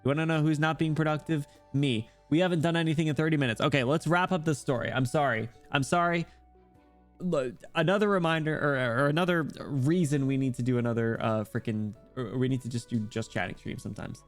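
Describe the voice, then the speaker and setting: A man's voice: a little high, fairly quick, faint music behind. A man streaming and chatting casually with his viewers, rambling and poking fun at himself. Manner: rambling, self-deprecating, joking.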